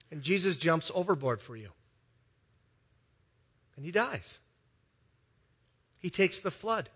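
A male pastor preaching a sermon in a church with a balcony, telling a story that swings from loud, excited passages to soft, hushed ones. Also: fairly high pitch, slow pace, pauses often, breathy edge.

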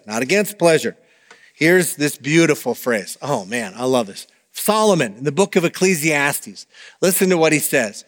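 A man preaching a sermon in an animated, conversational way, with asides to the congregation. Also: fairly high pitch, long reverb tail. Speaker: pastor.

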